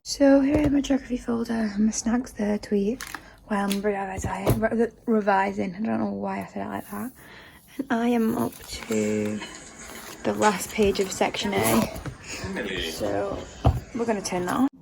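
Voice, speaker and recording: Teenage girl, vlog chatter, fry in her voice, bit high, noisy home recording. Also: fairly even intonation, moderate pace. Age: teens. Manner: chatty, rambling, lots of "like". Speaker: vlogger. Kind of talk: casual study-with-me vlog chat. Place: bedroom at home.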